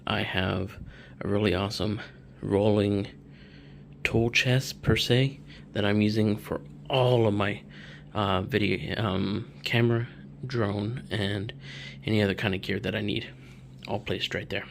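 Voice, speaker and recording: A man's voice: lowish voice, fairly even intonation, a little slow, creaky, slight background noise. A young man, casually touring his home office in a vlog, his breathing audible as he talks.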